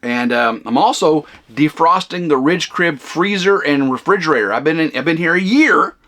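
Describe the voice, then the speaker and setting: Loud rambling man, fairly high voice. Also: expressive, moderate pace. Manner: loud, big flamboyant talker; rambling with fillers and restarts. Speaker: vlog host. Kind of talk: rambling casual chat. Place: at home in a small camper cabin.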